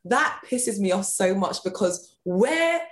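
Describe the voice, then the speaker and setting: A woman in a casual chat, outspoken and lively, laughing often. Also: mid-range voice, slow pace. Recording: echoey room.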